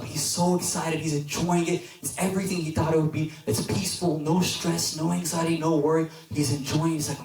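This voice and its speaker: A man's voice: fairly high pitch, a little fast. A young man giving a casual youth sermon, talking conversationally with lots of "like" and acting out the characters in his stories. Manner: conversational, lots of "like", animated when quoting characters. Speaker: deacon preacher at youth group. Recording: echoey hall, mic at a distance.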